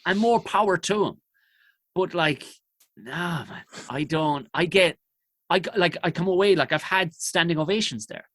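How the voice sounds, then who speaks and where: An Irish man telling profane, animated stories as a comedian guest in casual chat. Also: on the high side, normal speed, dry recording. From Ireland.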